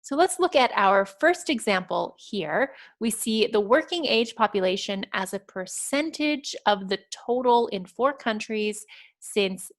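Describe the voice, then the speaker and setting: A woman teaching English exam writing, explaining vocabulary clearly and patiently, step by step over slides. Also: medium pitch.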